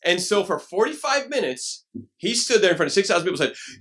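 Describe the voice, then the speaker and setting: A pastor preaching a lively sermon, acting out quoted voices and now and then rising to a shout. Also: male voice, high voice, rapid-fire. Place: church.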